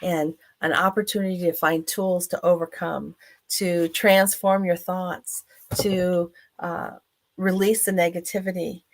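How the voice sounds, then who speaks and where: A woman's voice: on the low side, level tone, unhurried. A woman in her fifties, an author and speaker giving a motivational talk online, telling her story earnestly with many fillers.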